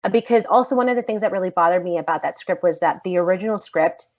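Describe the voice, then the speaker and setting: A woman actress telling a story in a casual podcast interview, animated and emphatic, swearing freely. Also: lowish voice, fast. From United States. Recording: slightly dull lo-fi podcast audio.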